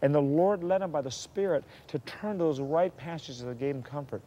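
A middle-aged man telling a true story to listeners in an animated way, raising his voice for the quoted lines. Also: on the high side, brisk, muffled recording, slight background noise. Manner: drops to a hush for whispered lines.

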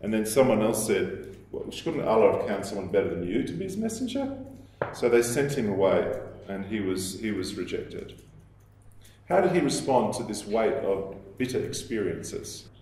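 A man giving a recorded lecture, explaining at a measured pace and quoting sources, with some fillers. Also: lowish voice, very animated, a little mellow. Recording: very echoey room.

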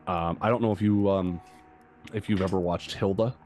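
A man's voice: sits low, steady tone, moderate pace, darkish tone, slight background noise. A man narrating as game master of a tabletop game, hesitant and full of fillers.

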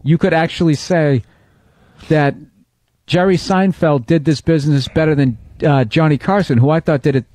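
A man with a Boston accent hosting a podcast, chatting casually and telling quick, animated stories with plenty of swearing. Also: fairly high pitch, no echo. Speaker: podcast host. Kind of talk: casual comedic chat.

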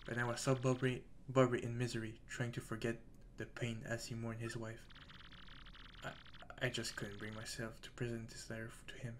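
A man voicing a sorrowful elderly man who speaks quietly and hesitantly. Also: mid-range voice, monotone, fairly quick, background noise, natural voice. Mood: remorseful. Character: Bodley, sorrowful elderly male sea-bar keeper.

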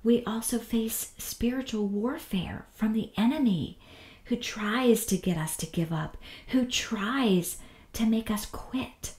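A woman teaching the Bible in a gentle devotional style, often half-whispering with tender warmth. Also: medium pitch, reverberant.

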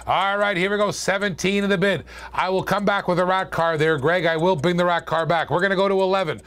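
A man's voice: high voice, fairly even intonation, fairly bright tone, smooth. Joking man calling a live auction. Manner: chatty, joking, fast auction calls with laughs. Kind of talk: live-stream auction patter.

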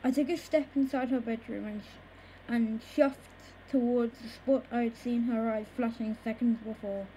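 A woman reading a children's book aloud in a slow, careful way, with occasional small stumbles over words. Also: fairly high pitch, steady tone, mellow, a little hiss or hum, poor audio. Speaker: storybook reader.

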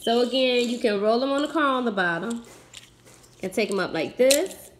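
Brief: woman, family-channel mom, toy unboxing, talks to the camera, whiny, a bit high, faint hiss behind her. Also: normal speed. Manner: chatty, addresses viewers as guys. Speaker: mother showing toys on a family channel.

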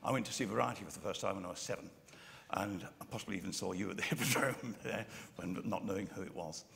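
Man from Birmingham, actor, gracious stage speech, gravelly voice, hall reverb. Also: low-pitched, fast, fairly bright tone. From Birmingham, England. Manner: gracious, thankful. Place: theatre stage. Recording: long hall reverb, faint room noise.

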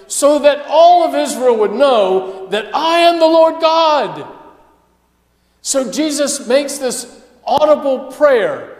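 A male pastor preaching a sermon with passion, dropping to a hush and then rising to loud emphasis. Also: high voice, animated, unhurried. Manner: impassioned preaching, swinging between hushed and loud. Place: church sanctuary. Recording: echoey church hall.

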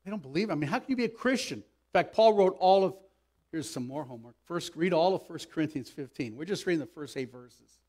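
A man preaching a sermon as pastor, swinging from loud emphatic bursts to soft asides. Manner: acts out quoted speech with raised pitch. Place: church sanctuary.

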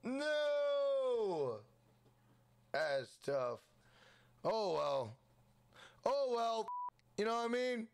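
A man's voice: high voice, very animated, gravelly, clean tone. Hyped male gaming streamer. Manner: hyped, rapid shout-outs to chat. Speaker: gaming livestream host. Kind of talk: casual livestream chat.

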